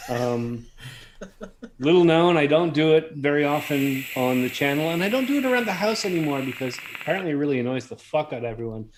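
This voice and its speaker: A man's voice: fairly high pitch, lively intonation, brisk, background noise. A man co-hosting a casual chat, self-mocking and chuckly. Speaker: podcast co-host.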